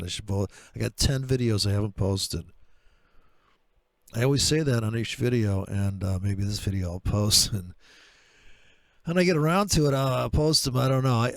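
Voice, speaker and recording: A man talking through trading charts in a profane, sarcastic rant, with a gravelly voice. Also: lowish voice, no room sound. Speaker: trader. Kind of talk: screen-share trading commentary.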